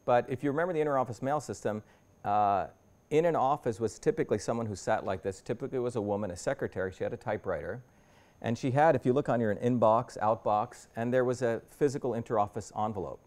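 A man's voice: medium pitch, fast, a little mellow. Guy in his 50s lecturing at a university, chatty, keeps restarting his sentences, voice right in the middle range. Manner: conversational, walks through slides with frequent restarts. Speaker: invited guest speaker.

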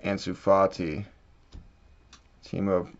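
A man with a lowish voice talks slowly through a card pack opening, murmuring each name as he flips, then shouting when a big card turns up. The sound is dull and low-fi. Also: flat delivery, slight background noise. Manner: reads card names off quietly, bursts out at big hits. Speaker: card-breaking channel host. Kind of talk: casual pack-opening commentary.

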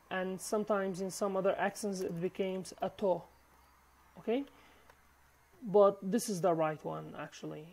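A woman whose first language is Kurdish, teaching a language lesson in halting English full of fillers, repeating each word for practice. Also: mid-range voice, steady tone, mellow. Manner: halting, many fillers and restarts. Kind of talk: recorded online lesson.

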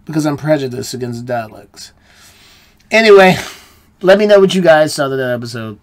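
A man's voice: a little high, lively intonation, normal speed. An American man hosting a reaction channel, reviewing an episode in a rambling, self-questioning way. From United States. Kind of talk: casual solo review chat.

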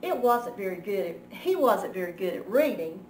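A woman librarian reading a picture book aloud slowly and expressively, acting out the sound effects. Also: medium pitch, expressive, slight background noise. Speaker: children's librarian. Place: library room. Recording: echoey room, mic far off.

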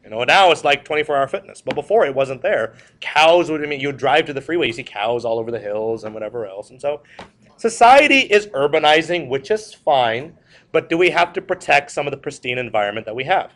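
A man's voice: a little high, lively intonation, brisk, fairly bright tone. A male history teacher giving a classroom lecture. He tells stories with jokes and puts questions to the class. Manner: joking, storytelling, asks the class questions.

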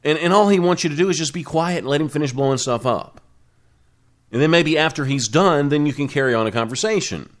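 A male radio talk show host speaking in a casual solo monologue, rambling and often restarting his sentences. His pitch moves around a lot, rising and falling as he talks. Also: lively intonation, a little fast. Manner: rambling, self-correcting, with frequent restarts.

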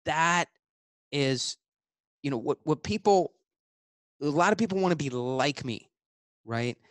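A man being interviewed as a guest author, talking in a blunt, emphatic way and acting out both sides of sales pitches. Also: animated, measured pace, no room sound, studio quality.

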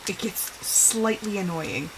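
A woman from the Southwestern United States streams a game and chats casually, rambling and talking to herself with lots of fillers. Her mid-range voice is unhurried, and there's background noise.

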